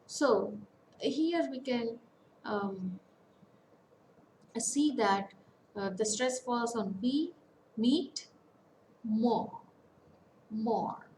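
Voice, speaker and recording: A woman giving an online lecture, slowly listing example words one by one with pauses. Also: on the high side, animated, darkish tone, echoey room, slight background noise, rough recording. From India. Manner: slow, deliberate, lists words one by one with pauses. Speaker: academic counsellor. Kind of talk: online lecture on English phonetics.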